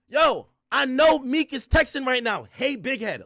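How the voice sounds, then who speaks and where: A man rants and jokes through live reaction commentary, loud and profane. His voice sits high and bright, with a sharp edge. The sound is dry and close, with no room around it. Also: animated, moderate pace, few pauses, no echo. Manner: loud, joking, profane rant. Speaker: streamer.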